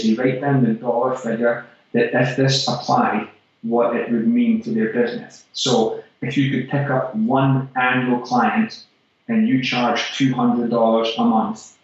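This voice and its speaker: A Scottish man and regular segment host giving an emphatic motivational monologue about fitness business, repeating key phrases for punch. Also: medium pitch. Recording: very echoey, distant, dull-sounding room.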